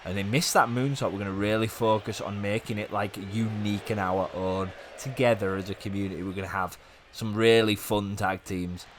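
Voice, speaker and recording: A man hosting a gaming video, giving chatty play-by-play commentary that rambles and jumps up with excitement at big moves. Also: fairly low pitch, brisk, background noise. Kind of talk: casual play-by-play game commentary.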